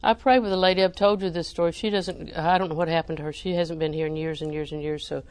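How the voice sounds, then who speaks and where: A woman preacher, delivering a sermon with animated emphasis that rises to near-shouting. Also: low-pitched, quick pace, clear, resonant tone, dry recording.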